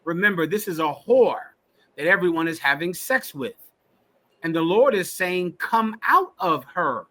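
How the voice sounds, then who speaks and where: A man preaching Bible commentary in a blunt, emphatic way, hammering each point through repetition. His voice sits high for a man and rings bright and forceful. He leads the class like a teacher. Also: normal speed. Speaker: teacher leading a scripture class.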